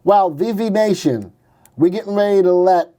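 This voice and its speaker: A man's voice: high-pitched, moderate pace, warm tone. A man hosting a casual livestream on stocks, joking around and thinking aloud as he pulls up charts. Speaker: stock market show host. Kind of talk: casual livestream market commentary.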